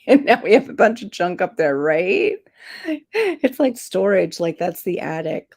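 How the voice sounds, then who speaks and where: A woman's voice: on the low side, a little slow. A woman hosting a casual livestream chat, talking freely and laughing often between remarks. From Florida. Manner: chatty, laughs often, animated mock voices. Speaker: livestream host. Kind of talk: casual chat reading viewer comments.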